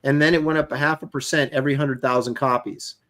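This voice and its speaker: A man's voice: mid-range voice, steady tone, fast, fairly bright tone. A middle-aged man, a comic artist co-hosting a podcast, telling stories in a rambling, casual way with many fillers and restarts. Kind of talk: casual storytelling chat.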